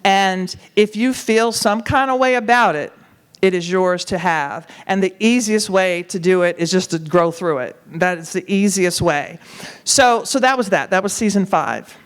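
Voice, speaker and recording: Smooth-voiced woman telling an animated story. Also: medium pitch, moderate pace. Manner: animated, acts out quoted voices. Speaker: talk show co-host telling a story. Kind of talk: conversational storytelling.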